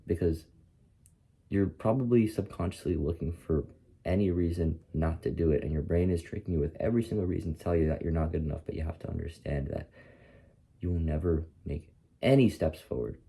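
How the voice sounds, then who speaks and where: A man's voice: a bass voice, fairly quick, vocal fry, mellow, slightly rough. A man of twenty, a content creator, talking in a casual, profane, rambling way in a motivational vlog while he is groggy and tired. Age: 20s.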